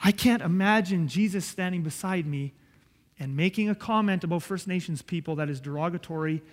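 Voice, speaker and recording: Male pastor, high voice, earnest sermon delivery, long church-hall echo. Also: brisk. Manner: earnest, emphatic, swings from loud to soft.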